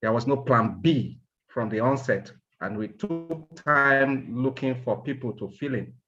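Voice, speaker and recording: A man gives the closing evaluation of a speaking club meeting in a firm, admonishing tone. He speaks slowly and deliberately. The recording sounds dull and lo-fi, like an online call. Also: mid-range voice, a bit bright, soft background music.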